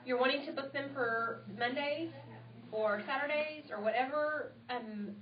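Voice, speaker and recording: A woman's voice: sits high, moderate pace. A woman leading a live training session for a small group, chatty and enthusiastic. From United States. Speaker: sales trainer. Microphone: tablet mic from across the room. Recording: roomy, distant, dull tablet stream.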